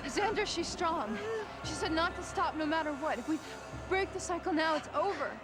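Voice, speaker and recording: Jittery young witch, very high voice, stammering, over a loud score. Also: normal speed, over music. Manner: nervous, stuttering.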